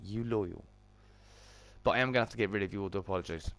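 A man hosting a live game stream, greeting viewers by name in a loud, excitable way with sudden jumps in pitch. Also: quick pace. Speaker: gaming streamer.

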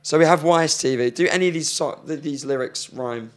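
A man's voice: fairly high pitch, fairly quick. Playful young guy with ukulele. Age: young adult. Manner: playful, sings lines to a ukulele. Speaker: co-host. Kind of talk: comedic banter while songwriting.

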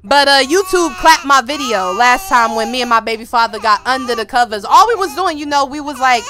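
A woman giving casual, joking gameplay commentary, animated and laughing often. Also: sits high, brisk, slight background noise. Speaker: gaming YouTuber.

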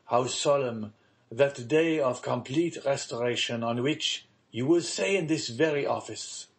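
A grave, resigned aging father in a storybook reading, as a male narrator puts him on. His slow, measured words carry a sober weight, at a middling pitch. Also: lightly acted.

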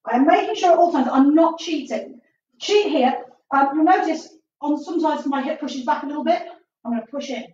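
A woman's voice: high voice, animated, brisk, darkish tone. A woman martial arts instructor leading a live online stretching class, chatty and upbeat with jokey asides. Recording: distant, roomy, dull with faint noise.

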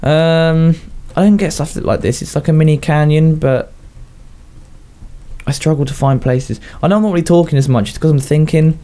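A young man with a slightly high, mellow voice and a Southern English accent talks at normal speed with fairly even intonation. As a gaming YouTuber, he rambles through casual commentary on a video game, chatting to himself and laughing at his jokes.

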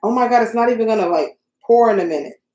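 A woman's voice: on the high side, fast talker, darkish tone. Flustered woman crafting live on stream. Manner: flustered, talks to viewers while crafting; joking, self-mocking. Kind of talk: casual live-stream chat. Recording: roomy echo.

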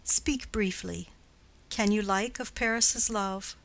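A woman reading the part of a noble middle-aged mother who urges her daughter toward a match, reciting verse in a measured way. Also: medium pitch, vocal fry, fairly bright tone. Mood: brisk.

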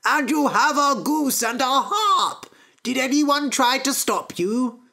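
A woman's voice: high-pitched, lively intonation, takes it slowly, vocal fry, bright, forceful tone, voice pushed up, exaggerated voice. A woman voicing an elderly couple in a storybook, chirpy and fluttery in manner. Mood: cheerful. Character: Jack's elderly parents, chirpy and cowardly.

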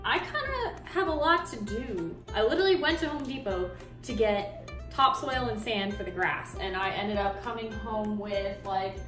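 Bubbly american woman in her 20s rambling about her day, mid pitch, music in the back. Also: expressive, normal speed. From United States. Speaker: vlogger. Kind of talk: casual chat while gardening. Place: at home, indoors and in the yard.

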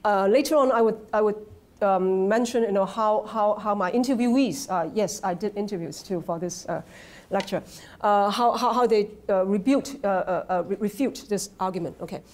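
A woman with a Hong Kong accent giving an academic lecture, halting with many fillers and restarts, often checking with the audience. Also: medium pitch, a little mellow. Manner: conversational, asks the audience "right?". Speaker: guest lecturer. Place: lecture hall.

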